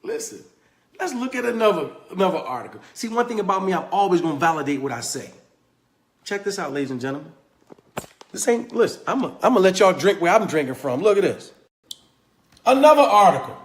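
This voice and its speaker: A man giving an excited sales pitch on a livestream, reading articles aloud and calling out to his viewers. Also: moderate pace, roomy sound. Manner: animated, repetitive, calls out to viewers. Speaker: crypto promoter on a livestream. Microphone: phone or webcam on a live stream.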